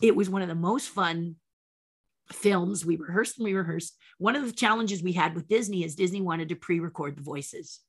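Woman puppeteer telling a lively anecdote. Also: on the low side, moderate pace, breathy edge. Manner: lively, acts out quoted voices. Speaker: puppeteer guest. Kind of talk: anecdotal storytelling.

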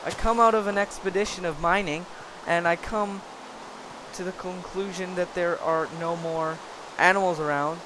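A young man giving excitable, rambling commentary while playing a block-building game and joking with the creatures he meets. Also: high-pitched, moderate pace, background noise. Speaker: gaming video creator. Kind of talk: Minecraft let's play commentary.

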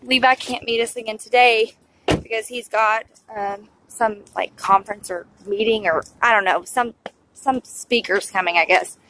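A woman's voice: fairly high pitch, fairly even intonation, normal speed, background noise. A young woman chatting casually in a family vlog, upbeat and sing-song when she talks to her kids. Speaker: family vlogger and mother.

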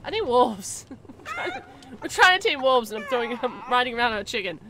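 A young woman streaming a game, chatting casually, giggling and calling out excitedly to the animals in the game. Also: on the high side, a little fast. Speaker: gaming streamer. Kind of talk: casual gameplay commentary.

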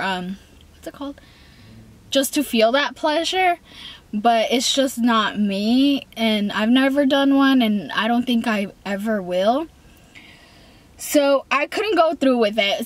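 A young woman telling a storytime in a casual, rambling way, full of fillers and restarts, often laughing and quoting herself. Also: a little high. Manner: giggly, laughs between lines. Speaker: vlogger.

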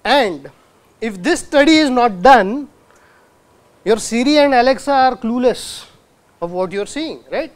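A man's voice: extremely high pitch, lively intonation, unhurried, long pauses. Male lecturer asking rhetorical questions. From India. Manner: asks the audience rhetorical questions, demonstrates sounds. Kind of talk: university lecture.

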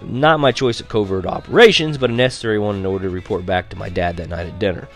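A young man reading a first-person story aloud, lively and wry, switching to quieter voices for the other characters. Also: lowish voice, quick pace, soft background music. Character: boy narrator recalling spying on a neighbor. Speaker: audiobook narrator. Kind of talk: first-person audiobook narration.

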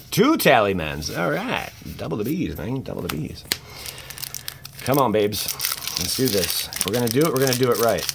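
Young man, low voice, very lively pitch, jokey pack-opening commentary, faint crinkling behind. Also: vocal fry, noisy background. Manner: excitable, jokey, sudden loud exclamations. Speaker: channel host opening card packs.

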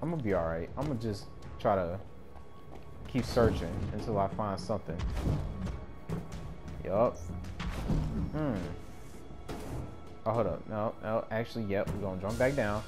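A man giving casual gameplay commentary in slangy speech, swinging between yelling and mumbling. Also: on the low side, animated, normal speed, long pauses. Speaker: gamer. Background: game music.

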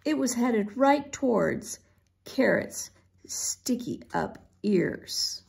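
A woman reading a children's chapter book aloud, expressive and unhurried. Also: on the high side, vocal fry, whispered. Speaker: storybook reader. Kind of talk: children's read-aloud narration.

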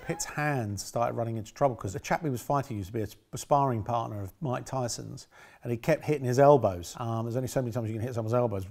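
A man's voice: medium pitch, quick pace, creaky, darkish tone. A middle-aged man, a film director, looking back on making a film in a rambling, self-correcting way. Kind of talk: reminiscing interview.

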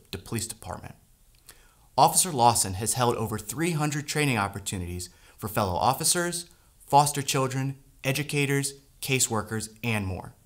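Pastor formally introducing a guest. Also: male voice, medium pitch, fairly bright tone.

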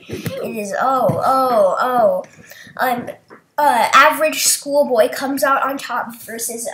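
A young woman talks through an online game in a high, bright voice, taking her time between calls. She gets excitable and breaks into shrieks when she wins. The sound is roomy and echoey, with faint background noise. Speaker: gaming video creator. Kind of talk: casual game commentary.

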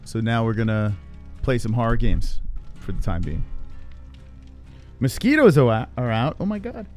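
A man's voice: medium pitch, animated, a little slow, faint music behind. A man streaming a horror game live from his home computer, cursing often, startling easily and mocking his own play. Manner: swears a lot, jumpy, self-mocking. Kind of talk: live gameplay commentary. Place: home room with gaming computer.

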